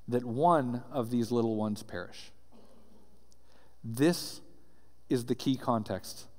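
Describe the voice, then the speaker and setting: A man's voice: mid-range voice, darkish tone. Male pastor preaching in a reverberant church. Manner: earnest, reads scripture aloud then explains it with frequent "right?". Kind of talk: sermon. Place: church sanctuary. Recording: roomy church hall reverb.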